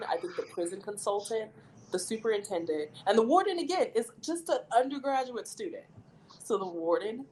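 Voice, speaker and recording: A young woman tells a story on a casual podcast, lively and quick to act out the people she describes. She leans on "like" and restarts as she goes, talking at an ordinary middle pitch. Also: a little hiss or hum, rough recording. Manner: animated, lots of "like", acts out quoted voices.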